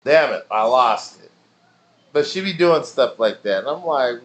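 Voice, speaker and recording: A man's voice: mid-range voice, animated, unhurried, a bit bright. A man streaming, telling rambling stories in loose slang with plenty of swearing. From family in Nigeria. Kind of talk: casual chat with stream viewers.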